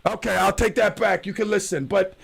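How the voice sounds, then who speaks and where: Male radio host, New edge, high raspy voice, brash ranting delivery. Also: fairly even intonation, a little fast, rough recording. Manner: loud, ranting, mocks whiners in a wailing voice. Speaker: radio host and softball coach. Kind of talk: animated radio monologue.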